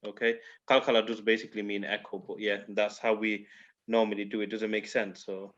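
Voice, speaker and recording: A man's voice: on the low side, little pitch movement, fairly quick, fairly bright tone. Male recitation teacher on a video call, muffled lo-fi sound, patient, keeps checking students follow. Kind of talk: online class teaching. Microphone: video call microphone.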